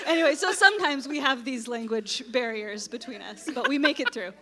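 A young woman chatting casually with friends, telling an animated story and laughing often. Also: sits high, brisk, noisy background. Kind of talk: casual chat.

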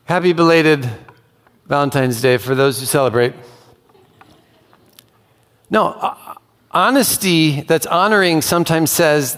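A man's voice: on the high side, normal speed, pauses often, a bit bright. A man preaching a sermon in an earnest, conversational way, acting out quoted lines as he goes. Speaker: pastor. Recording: long hall reverb.

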